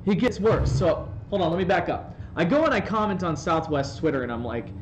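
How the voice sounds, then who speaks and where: A man streaming a game from home on a desk microphone, telling a rambling, animated anecdote with playful asides. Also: sits high, fairly quick. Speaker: live streamer. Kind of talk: casual storytelling while gaming on stream. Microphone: desk microphone, swapped in for the day. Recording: roomy sound with faint background noise.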